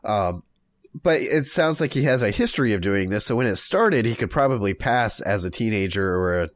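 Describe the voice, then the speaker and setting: A man with a fairly low voice tells a true story on a casual comedy podcast. He rambles, trails off and restarts, and jumps into quick silly voices for the people in the story. The delivery is loose and joking. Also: animated. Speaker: podcast co-host telling the story.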